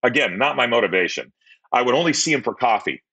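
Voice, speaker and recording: This podcast guest, a man in his fifties, rambles openly through his life story, often repeating himself and growing more lively when recounting conversations. He speaks fast at a medium pitch, animated and bright, with a forceful, husky tone.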